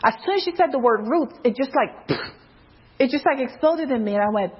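A woman with a husky, fairly high voice preaching a casual sermon to her listeners. She talks loosely, full of fillers and restarts, and jumps up in pitch when she acts out a quote. The recording sounds dull and lo-fi. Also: animated, moderate pace. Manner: loose and conversational, many fillers, rises high when quoting. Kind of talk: informal sermon.

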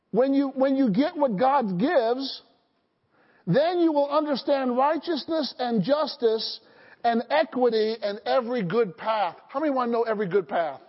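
High-voiced preaching man in a reverberant church. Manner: animated preaching, acting out Bible scenes in voices. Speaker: pastor. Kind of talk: sermon. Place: church sanctuary. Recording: dull audio with long church reverb.

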